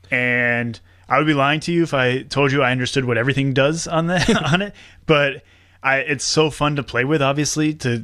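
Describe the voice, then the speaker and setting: A man of middle pitch talking casually as a podcast guest, chatty and quick to laugh as he explains things. His voice is close and dry, with no room around it. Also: fairly bright tone, no echo. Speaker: podcast producer and host, guest. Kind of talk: casual interview chat.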